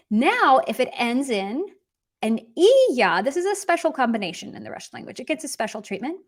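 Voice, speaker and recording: A woman teaching a Russian grammar lesson, upbeat and teasing as she quizzes her viewers and reads out example phrases. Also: a little high. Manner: upbeat, teasing quiz prompts, switches between English and careful Russian.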